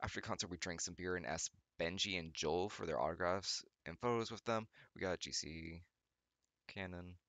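A man with a fairly low but bright, pushing voice reads a text aloud for laughs. He stumbles over words, groans and breaks off to make sarcastic remarks. The sound is dry and close, as if recorded in a small home studio. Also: normal speed, no room sound. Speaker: YouTuber reading fanfiction aloud. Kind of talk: comedic reading with sarcastic commentary.

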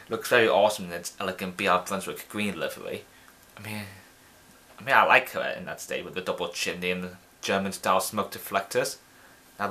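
A man's voice: low-pitched, pushed and bright. A young man from the UK giving rambling, chatty commentary while playing a game, often restarting his sentences. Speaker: let's play host. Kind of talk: casual gameplay commentary.

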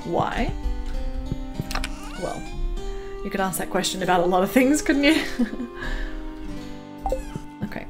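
A young Canadian woman plays a farming game on stream, speaking slowly and pausing often in an animated, mid-range voice. She chats in a relaxed way and reads her chat aloud, giggling frequently, while game music sounds clearly in the background.

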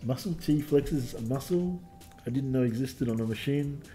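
A man's voice: medium pitch, normal speed, warm tone, soft background music. Wry man joking through a game. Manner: wry, jokey asides. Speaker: let's play streamer. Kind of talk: reading a dating game aloud with commentary.

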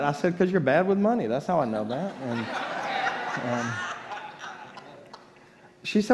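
A man's voice: a little high, expressive, unhurried, long pauses, a little mellow. A man preaching a sermon as pastor, telling folksy stories and joking with the congregation. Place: large church sanctuary. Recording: church livestream with long reverb.

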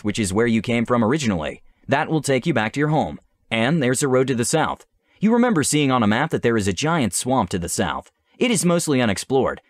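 A man narrating a tabletop adventure as game master, with measured, descriptive storytelling. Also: mid-range voice, no echo, studio quality.

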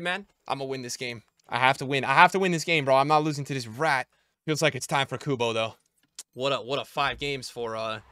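Excitable young-sounding male gamer streamer. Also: slight background noise. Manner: swings between shouted outbursts and low muttering; slangy, repeats himself. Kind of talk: live gameplay commentary.

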